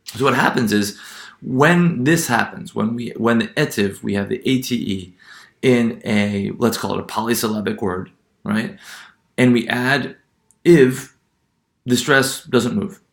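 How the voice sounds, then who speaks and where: A man teaching a university class, talking in a halting way with many restarts and spelled-out letters. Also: medium pitch, vocal fry, fairly bright tone, echoey room. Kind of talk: classroom lecture.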